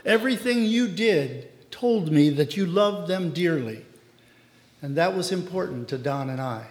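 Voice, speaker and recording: A man voicing a grieving woman who sincerely thanks her pastor, speaking softly and earnestly in a reverberant hall. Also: fairly low pitch, expressive, unhurried. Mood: earnest, grateful.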